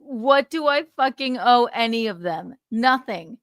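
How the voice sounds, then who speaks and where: High-voiced woman ranting angrily. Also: animated, measured pace, a bit bright, no echo, studio quality. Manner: angry, swearing, ranting. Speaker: livestream co-host. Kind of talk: heated casual chat.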